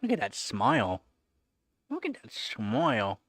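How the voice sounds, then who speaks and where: A man's voice: measured pace, no room sound. Man cooing at his pet, very dry sound. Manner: coos at his pet in a high sing-song voice between relaxed answers to chat. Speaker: livestream host. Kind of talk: casual live-stream chat. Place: home computer setup.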